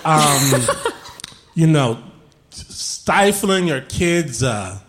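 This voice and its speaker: A man tells a story on a live stage, breaking into laughter and shouting quoted lines. He speaks slowly, with a voice high for a man that jumps around a lot. Background noise from the show is clearly heard. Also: animated. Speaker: guest. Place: live stage before an audience.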